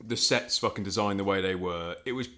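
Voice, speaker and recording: A man co-hosting a casual sports radio chat, talking in halting, rambling restarts. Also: deep voice, pushed and bright. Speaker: podcast co-host.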